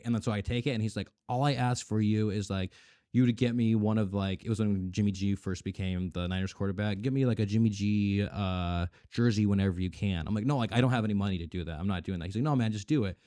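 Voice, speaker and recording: A man's voice: on the low side, mellow, no echo, studio quality. A young man on a podcast telling a long story in casual chat, acting out the voices of the people in it, swearing and laughing often. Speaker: podcast guest.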